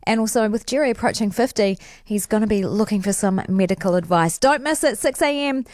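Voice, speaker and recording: A woman's voice: medium pitch, brisk, darkish tone, no room sound, studio quality. A woman presenter doing an upbeat promo for a radio breakfast show.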